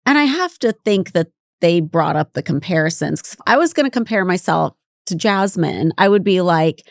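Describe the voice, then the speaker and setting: A woman's voice: lowish voice, lively intonation, normal speed, vocal fry, no echo, clean studio sound. A woman in her forties co-hosting a podcast, talking in a candid, wry way and sometimes mimicking others. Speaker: podcast co-host. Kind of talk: casual podcast rewatch chat.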